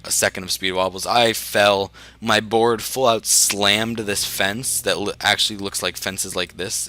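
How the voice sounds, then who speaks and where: A man's voice: on the low side, sharp tone. A teenage boy telling rambling stories while playing a game, laughing often with many ums and restarts. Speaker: gaming video host. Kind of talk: casual storytelling while playing.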